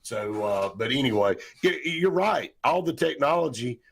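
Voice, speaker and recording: A man's voice: medium pitch, lively intonation, normal speed, gravelly. Rambling sports talk host man. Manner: rambling, many restarts and fillers.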